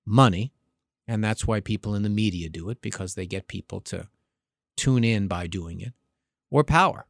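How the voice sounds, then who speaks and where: A man's voice: fairly low pitch, moderate pace, gravelly, no echo, studio quality. A man hosting an opinion podcast, a former congressman, speaking emphatically and asking rhetorical questions. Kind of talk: opinion commentary.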